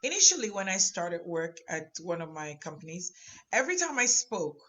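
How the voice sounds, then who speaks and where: A middle-aged woman with an African accent, tinged with French, talking as a guest in an interview in an animated, emphatic and heartfelt way. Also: lowish voice, normal speed. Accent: African, with French traces. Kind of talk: conversational interview.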